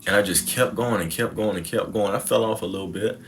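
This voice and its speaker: A young man with a low, deep voice talks through his personal story in a relaxed, conversational way. He sounds reflective and drops slang as he speaks straight to his viewers. Faint music plays behind him. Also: brisk. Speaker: content creator.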